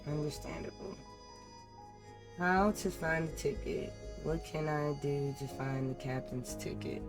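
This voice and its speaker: Woman streamer, low voice, slow, playful, casual commentary, faint game music. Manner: playful, reading game text aloud. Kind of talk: casual let's-play commentary.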